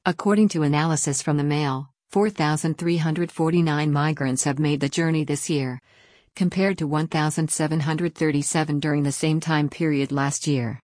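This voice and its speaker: A woman reading out a written news article in an even, measured delivery. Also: low-pitched, no room sound, studio quality. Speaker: news reader.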